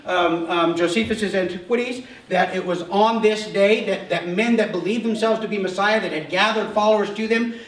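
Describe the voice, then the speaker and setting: Male pastor, sermon delivery, lively storyteller who acts out voices; high voice, roomy hall sound with faint ambience. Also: far from the mic. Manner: animated storytelling, acts out voices of crowds and leaders. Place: church.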